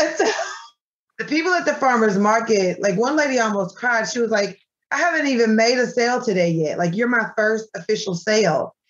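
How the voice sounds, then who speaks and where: A woman guest tells her story in an animated, chatty way, slipping into the voices of the people she quotes. Her voice sits a little high. The sound is muffled and lo-fi. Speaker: guest, granola business owner. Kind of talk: casual storytelling in an interview.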